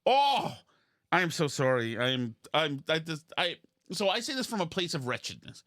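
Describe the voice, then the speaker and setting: Man, podcast host, bright tense voice, dry close sound, rambling self-mocking chat. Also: a little high, very animated, fairly quick, no room sound. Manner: rambling, self-deprecating, with many restarts. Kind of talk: casual comedic chat.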